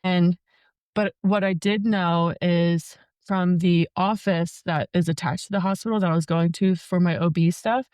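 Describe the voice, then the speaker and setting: A woman's voice: on the low side, steady tone, moderate pace, darkish tone, no room sound, studio quality. A young woman, a podcast guest, telling a personal story in a casual, chatty way, joking often and filling her speech with "like". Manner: chatty, joking, many fillers like "like".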